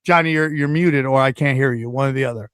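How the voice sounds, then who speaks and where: A man's voice: mid-range voice, fast talker, clean tone, no echo, clean studio sound. A man hosting a podcast, telling a rambling, profane story in casual chat and acting out other people's lines. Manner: animated, acts out quotes in changing voices. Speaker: podcast host.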